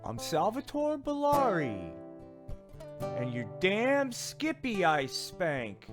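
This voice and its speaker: A man voicing a brash tough-guy puppet with loud bluster. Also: high-pitched, huge pitch swings, slow, music in the background, pitched above the performer's own voice, exaggerated voice.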